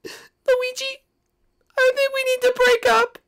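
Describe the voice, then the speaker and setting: A man voicing a young princess ending a relationship in a slow, high falsetto, in a Minecraft role-play. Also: monotone, gravelly, a bit bright, heavily acted. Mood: cold, breaking up. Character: heartbroken young woman princess, cold and final.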